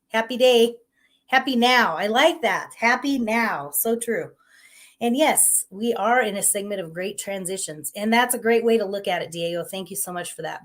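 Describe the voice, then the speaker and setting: A middle-aged woman hosts a live inspirational talk show. She speaks in an upbeat, gently encouraging and conversational way, greeting her viewers warmly. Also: mid-range voice. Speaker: host.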